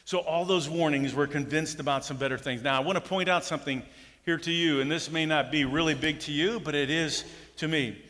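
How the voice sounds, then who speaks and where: A man's voice: fairly high pitch, fairly even intonation, brisk, a bit bright, big-room sound. A middle-aged man preaching a sermon in a folksy way, telling personal stories and acting out quotes. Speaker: pastor.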